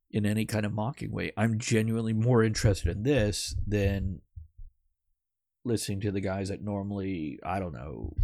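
Man, podcast host, rambling casual chat, low pitch, dry close sound. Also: vocal fry, a little mellow, dry recording. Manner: rambling, conversational, swears casually.

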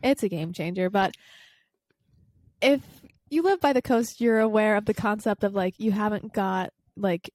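A woman's voice: medium pitch, moderate pace, a little mellow, no echo, studio quality. A woman in her twenties co-hosting a podcast, chatting casually with lots of "like" fillers. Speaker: podcast co-host. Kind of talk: casual chat.

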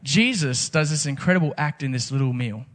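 A man's voice: mid-range voice, fairly quick, a bit bright. A man preaching a casual, conversational sermon, full of rhetorical questions. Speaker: pastor.

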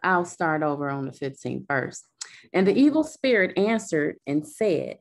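A woman reading scripture aloud, slow and deliberate. Her voice sits low and carries a gravelly fry. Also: very animated. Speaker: scripture reader.

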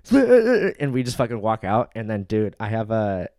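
A man's voice: fairly low pitch, wildly swooping pitch, a little slow, warm tone, no echo, studio quality. A man on a podcast telling a story casually, swearing a lot and laughing often. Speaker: podcast co-host.

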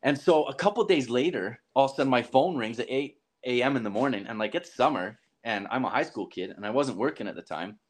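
A young man from southern Alberta, a podcast guest telling a story in casual conversation, animated and acting out what people said. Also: a little fast, hardly any pauses. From southern Alberta, Canada. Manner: animated, acts out quoted lines with big pitch jumps.

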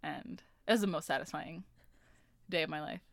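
A woman's voice: sits low, moderate pace, gravelly, dry recording, studio quality. A young woman telling a story in casual podcast chat, acting out the people in it and laughing often. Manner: animated storytelling, acts out callers, laughs often. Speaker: podcast co-host.

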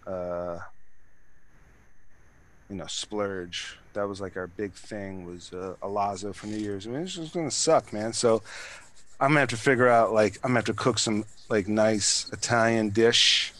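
A man's voice: lowish voice, normal speed, fairly bright tone. A man in his thirties chatting casually as a podcast co-host, rambling with lots of fillers and swearing. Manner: rambling, profane, filler-heavy. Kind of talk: casual chat.

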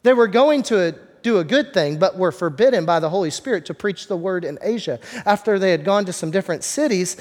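A man preaching a sermon as pastor, talking in a relaxed, conversational way with repeated words and joking asides to the congregation, in a church. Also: high-pitched, brisk, hardly any pauses. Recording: long hall reverb.

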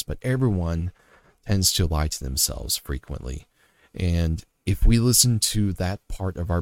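A man's voice: low voice, a little mellow, no room sound. A man sharing a personal story as a father in an earnest, repetitive, reflective motivational faith talk.

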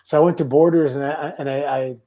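A middle-aged Canadian man, a former wrestler, telling relaxed anecdotes with laughs as a guest. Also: a little high, brisk. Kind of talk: casual storytelling.

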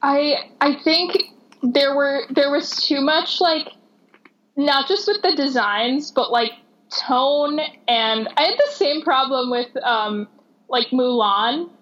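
A woman's voice: high-pitched, slow pace, a bit bright, lo-fi sound. A woman casually discussing movies, chatty, laughing often and restarting her sentences.

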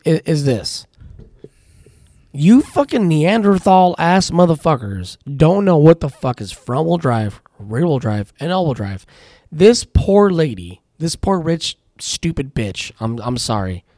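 A man's voice: fairly high pitch, darkish tone, no echo, studio quality. A man co-hosting a casual podcast, ranting through profane stories about his work at a tire shop. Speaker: podcast co-host.

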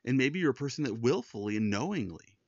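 A man's voice: mid-range voice, very animated, fast talker, a little mellow, husky, no room sound. A middle-aged man speaking in an earnest personal monologue as a Christian podcast host, often repeating words and restarting when moved. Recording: dull, dry lo-fi sound.

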